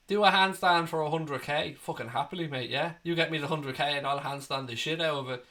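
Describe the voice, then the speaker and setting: Bright-voiced man bantering with chat. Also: on the high side, expressive, a little fast. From Ireland. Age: 30s. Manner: banter, swearing, joking with viewers. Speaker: fan channel host reading live chat. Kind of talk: casual livestream chat.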